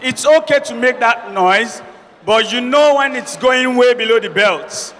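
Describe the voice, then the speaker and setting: A man moderates a student debate, projecting a high, sharp voice over the room. He pleads formally and insistently, repeating his requests. His voice rings with long reverb, with faint noise behind. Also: normal speed. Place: large hall with a noisy student audience. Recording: reverberant hall with background noise.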